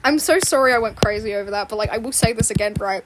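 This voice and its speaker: A young woman rambles casually as she draws, repeating herself and giggling between thoughts. Her voice is high. A clicking, noisy background hums behind her. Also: quick pace. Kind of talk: casual rambling chat while drawing.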